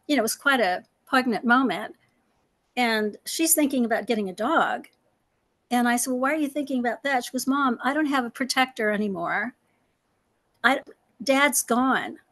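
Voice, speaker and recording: A middle-aged woman, a panel guest, speaking earnestly and personally, with many fillers and retold dialogue. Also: fairly high pitch. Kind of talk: personal reflective talk.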